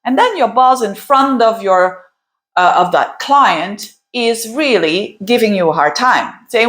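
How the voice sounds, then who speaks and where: A woman from Belgium talks about the planets in a loose, conversational monologue. She is animated, leaning on repeated words and quick asides to drive points home. Her voice sits in an everyday middle pitch. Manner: animated, repeats and restarts phrases, emphatic asides. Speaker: astrologer. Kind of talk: casual explanatory monologue.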